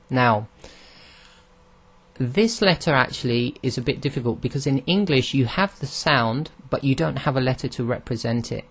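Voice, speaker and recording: A man teaching Arabic pronunciation in a recorded lesson, explaining patiently step by step and sounding out each letter aloud. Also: medium pitch.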